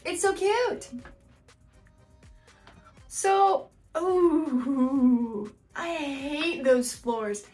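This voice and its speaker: A woman's voice: high-pitched, lively intonation, extremely slow, pauses often, a little mellow, faint music behind. A woman hosting a casual reaction video, blunt and joking, with frequent exclamations. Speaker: YouTube host reacting to house listings.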